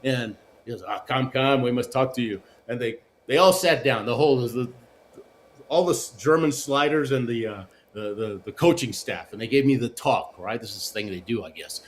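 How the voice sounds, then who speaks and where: Middle-aged male interview guest, animated raconteur who keeps asking "right?". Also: medium pitch, normal speed, a little hiss or hum. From Argentina and the United States. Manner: animated storyteller, many restarts and "right?" tags. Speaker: guest, former Olympic luge athlete. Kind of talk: casual storytelling interview.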